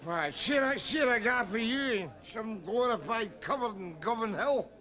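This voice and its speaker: Glaswegian man, bright and high. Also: expressive, a little slow. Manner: boozy, rambling, self-pitying. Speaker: sitcom character. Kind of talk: sitcom acting.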